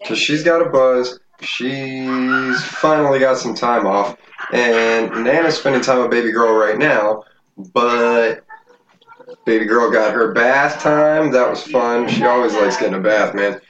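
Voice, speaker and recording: A man's voice: medium pitch, a little slow. A young man hosting a casual home podcast, joking and swearing freely, recorded on a laptop mic in a room at home. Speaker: podcast host. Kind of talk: casual chat. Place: home room with door open. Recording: dull roomy laptop mic with noise.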